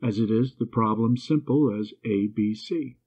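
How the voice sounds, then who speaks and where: A man with a husky voice voicing a good-humored young English gentleman in a storybook reading, on a tinny phone-like recording. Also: fairly low pitch, measured pace. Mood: cheerful.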